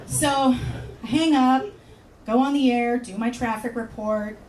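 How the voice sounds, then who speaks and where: A woman from California performing a stand-up comedy set on a club stage, with wry, deadpan asides and sudden high exclamations. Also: a little slow, pauses often, a little hiss or hum. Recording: roomy club sound from far off.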